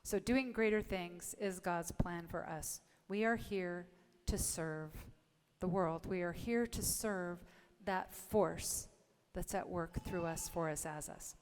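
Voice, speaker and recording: A woman's voice: fairly low pitch, slow, big-room sound, slight background noise. A woman reverend giving an encouraging sermon, leading her congregation in affirmations and often asking "right?". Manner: warm encouraging preaching, leads congregation in affirmations. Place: church sanctuary.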